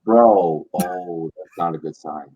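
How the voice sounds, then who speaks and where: A man hosting a casual late-night live stream, drinking and telling rambling, profane, animated stories. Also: low voice, slow, slightly rough. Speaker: podcast host. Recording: dull lo-fi stream audio.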